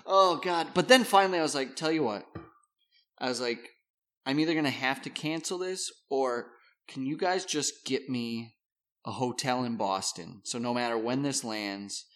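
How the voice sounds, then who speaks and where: A man's voice: mid-range voice, moderate pace, fairly bright tone. A man in casual chat, telling a story and acting out quotes, with plenty of swearing.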